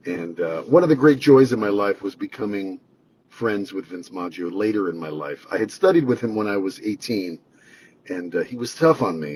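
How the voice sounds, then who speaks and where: A man's voice: low voice, a little mellow, slight background noise, low-quality recording. A man, a singer-songwriter and radio host, speaking a conversational, reflective tribute with fillers. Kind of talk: spoken tribute.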